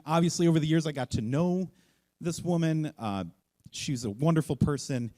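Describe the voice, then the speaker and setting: A man telling a funny personal story on stage at a live event, self-mocking and acting out the voices in it. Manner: animated, self-mocking, acts out voices with big jumps in pitch.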